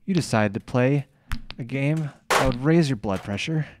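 A man giving let's play commentary, excitable, swearing and scolding himself out loud as he plays. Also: medium pitch, moderate pace, background noise. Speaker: gamer playing a video game.

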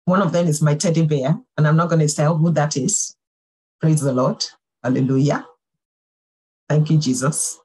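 A woman pastor giving a sermon, fervent and full of praise exclamations, swinging from soft talk to calling out. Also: low voice, steady tone, normal speed, long pauses, husky, poor audio.

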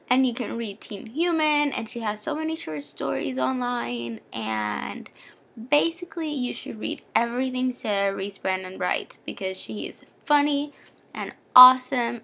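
Young female book vlogger, eager and playful, somewhat high with a creaky edge. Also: pushed and bright. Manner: gushing, chatty fangirl with playful asides. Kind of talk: casual book recommendation vlog.

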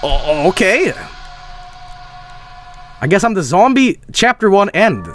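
A young man commentating his game stream live, swearing frantically and laughing nervously. His voice sits high and swings widely in pitch, with a bright, sharp edge. Faint music plays underneath. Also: very animated, slow, pauses often.

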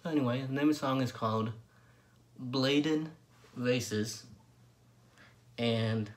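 A man vlogger talking casually and loosely to his viewers before a cover. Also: mid-range voice. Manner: laid-back, loose and chatty.

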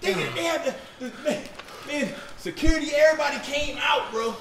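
Breathless high-voiced man telling a frantic story. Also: moderate pace, echoey room, noisy background. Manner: frantic, rambling, laughing storyteller. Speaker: comedian. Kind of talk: comedy sketch.

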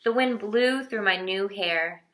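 A woman narrating a children's novel in a steady, expressive reading voice. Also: medium pitch, a little slow. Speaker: audiobook reader.

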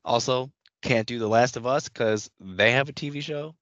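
A man's voice: mid-range voice, normal speed, fairly bright tone, no echo, lo-fi sound. Laid-back podcast co-host man. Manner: laid-back, agreeable, trails off mid-thought. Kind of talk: casual chat.

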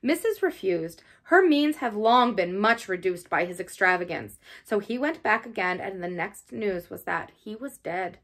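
A woman's voice: medium pitch, lively intonation, normal speed, hardly any pauses, a bit bright. A woman voicing a respectful male servant bringing grave news, in an audiobook reading.

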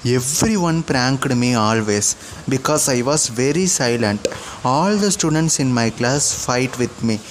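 A man's voice: medium pitch, lively intonation, unhurried, a little hiss or hum, close to an everyday voice. A man as an earnest, once-shy boy. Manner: plain, earnest storytelling voice. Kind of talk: storybook drama.

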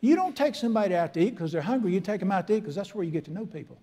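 A man's voice: sits high, expressive, very fast, warm tone, slightly rough. A middle-aged man, preaching a folksy, emphatic sermon as a pastor in a church. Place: church sanctuary.

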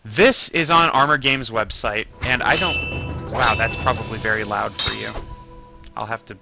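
A man's voice: medium pitch, moderate pace, creaky. A man in his twenties giving casual, rambling gameplay commentary, grumbling at the game and joking at his own expense. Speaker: let's play host. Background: faint game music.

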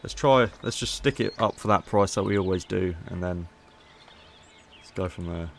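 A man's voice: deep voice, moderate pace, vocal fry, slight background noise. A man casually commentating gameplay as a YouTuber, chatty and playful. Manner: chatty, playful, haggling asides. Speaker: gaming YouTuber.

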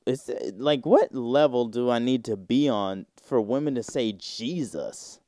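A man hosting a casual solo podcast, reading search results aloud and riffing on them in a rambling, drawn-out way with sudden mocking outbursts. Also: medium pitch, warm tone, dry recording, studio quality. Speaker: podcast host.

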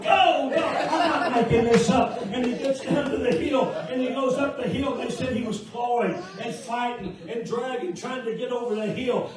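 A man preaching a sermon in a church sanctuary, telling a story with lively energy and laughing as he goes. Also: high-pitched. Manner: animated storyteller, often laughing while telling. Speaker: guest preacher. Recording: echoey church room, mic at a distance, audience. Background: congregation laughing.

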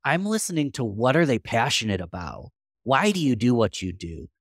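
A man's voice: mid-range voice, big pitch swings, normal speed, dry recording, studio quality. A man guest on a podcast interview, answering in an earnest, practical way and thinking aloud.

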